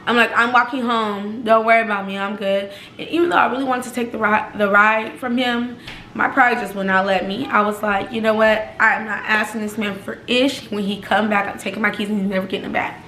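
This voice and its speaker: A young woman vlogger, telling a personal story casually and acting out the quotes in a raised voice. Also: brisk. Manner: animated, acts out quotes in higher pitch. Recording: echoey room, faint background noise.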